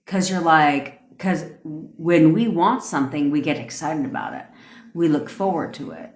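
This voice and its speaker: A fired-up woman coach cursing freely through a livestream rant, her voice sitting on the low side for a woman. The room rings around her with a roomy echo. She talks straight at her viewers and hypes up their comments. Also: expressive, measured pace, darkish tone. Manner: profane, blunt, hyped-up; reads out and cheers viewer comments. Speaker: manifestation coach.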